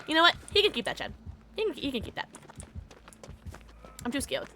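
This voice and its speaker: A young woman live-streaming a game, giggly and excitable, chatting with her viewers and squealing at the game. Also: high-pitched, brisk, slight background noise.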